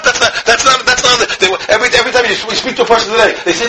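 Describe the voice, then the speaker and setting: A man from the United States, a rabbi teaching a Torah class, emphatic and repetitive, dropping from loud emphasis to hushed tones. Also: extremely high pitch, fairly even intonation, very fast, hardly any pauses, a loud crowd, rough recording. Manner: emphatic, repeats phrases, swings between loud and hushed. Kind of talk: impassioned Torah lesson.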